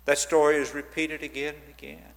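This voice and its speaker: A man with a slightly high, creaky voice talks a little fast as he gives a storytelling church talk about a ministry. He's an animated storyteller who acts out the voices of the people in his stories. The long reverb of a large hall fills the recording.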